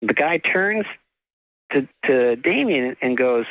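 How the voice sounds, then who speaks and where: A middle-aged man from California, an author telling a long story in an interview, halting with many restarts and fillers, laughing now and then. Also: medium pitch, lively intonation, no echo. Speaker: author and guest. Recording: tinny phone-like line.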